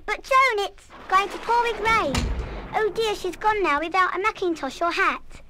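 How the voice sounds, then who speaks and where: A high, earnest schoolgirl. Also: moderate pace, bright, forceful tone. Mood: worried. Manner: earnest, fretful self-reproach. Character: kind-hearted, impulsive schoolgirl at boarding school. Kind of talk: 1970s radio play acting. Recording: hissy old vinyl record.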